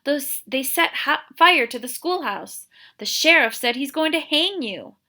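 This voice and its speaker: A woman's voice: sits high, lively intonation, unhurried, bright, forceful tone, pitched above the performer's own voice, full character voice. A woman voicing a frantic young female schoolteacher, pleading in an urgent, breathless voice.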